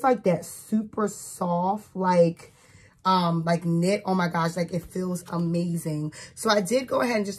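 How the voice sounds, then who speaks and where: A woman's voice: fairly low pitch, a little mellow, breathy edge. Chatty young woman vlogger. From New Jersey. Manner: chatty, frequent "like" and "um" fillers. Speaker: teacher. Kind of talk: casual chat, showing gifts to camera.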